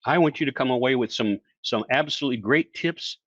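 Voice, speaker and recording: A man coaching virtual presenters in a lively online talk, who asks the audience questions and acts out other people's lines. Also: mid-range voice, fairly quick, no room sound, lo-fi sound. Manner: animated, acts out quoted voices, asks listeners questions.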